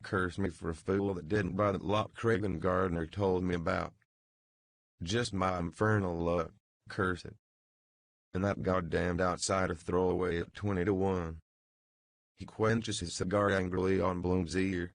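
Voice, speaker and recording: A man giving scripted audiobook narration in a steady, even read into a close studio mic. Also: deep voice, unhurried, creaky, no echo.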